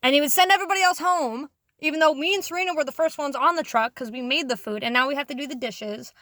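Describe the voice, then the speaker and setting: High-voiced young woman ranting casually. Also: quick pace, dry recording. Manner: rambling, heavy swearing and "like" fillers; quotes others in animated raised voices. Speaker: vlogger. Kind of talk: casual storytime rant.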